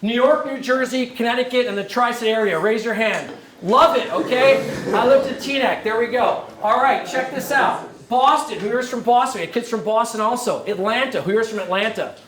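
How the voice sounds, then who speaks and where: Man, camp director, lively talk to a room, jokes and audience questions, roomy echo, faint background noise. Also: very high-pitched, moderate pace, few pauses. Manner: animated, joking, asks the audience questions. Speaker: camp director recruiting staff. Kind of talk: energetic live presentation to a room. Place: lecture room.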